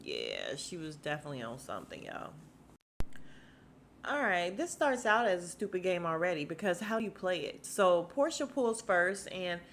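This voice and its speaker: A woman's voice: fairly low pitch, huge pitch swings, moderate pace, a bit bright, slight background noise. Chatty woman recapping an episode. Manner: chatty, slangy, addresses listeners as y'all. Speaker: podcast host.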